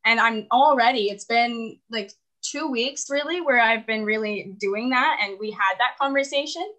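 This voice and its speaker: A young woman in her twenties calls in for relationship advice, sharing her story in a casual, rambling confessional chat packed with "like" and frequent laughter. Her voice sits a little high, with a fairly bright tone and a moderate pace, though the recording is rough.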